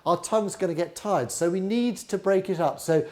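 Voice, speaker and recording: A middle-aged man teaching a live flute masterclass, encouraging his students and leading them through tongue twisters that he repeats slowly. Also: sits high, animated, darkish tone.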